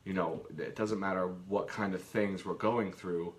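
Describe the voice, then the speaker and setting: A man co-hosts a live Q and A from his home kitchen in a low, steady voice at a normal speed. His casual chat rambles and is full of jokes, trailing off and restarting.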